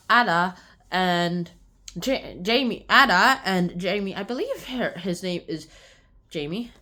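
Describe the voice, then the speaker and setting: A woman talks through a book summary in a loose, unscripted way, stumbling and restarting as she goes. Her voice sits fairly high and swoops around a lot. She slips into quick acted-out lines for the characters. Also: a bit bright. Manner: rambling, with many "like"s and restarts; acts out characters' lines with big jumps in pitch. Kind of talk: casual spoken book summary.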